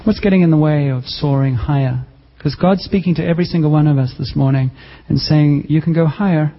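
An earnest male pastor preaches a sermon, his voice set a little high and pleading with the listeners. The sound is muffled and dull, and it rings out in a hall with a long reverb tail. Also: fairly quick.

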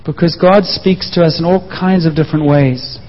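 A man with a slightly high voice and fairly steady intonation preaches a sermon at a moderate pace, telling his own story in a sincere, personal way. The recording comes from a church, with the muffled echo of a church hall.

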